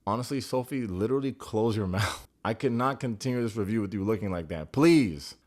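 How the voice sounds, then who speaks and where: A man's voice: lowish voice, expressive, normal speed, a little mellow. Sarcastic American guy recapping reality TV. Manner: joking, sarcastic, blunt, swears freely. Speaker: TV recap reviewer. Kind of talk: casual recap commentary.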